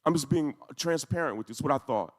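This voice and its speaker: In an echoey hall, a man with a fairly high voice speaks fast and animatedly to a congregation. His talk is emotional and intense, a story told with mounting emphasis.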